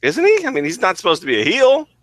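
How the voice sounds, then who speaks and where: Male podcast co-host, slightly high, animated, rambling teaser. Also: fast, no room sound. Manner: rambling, restarts, teasing. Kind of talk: casual podcast banter.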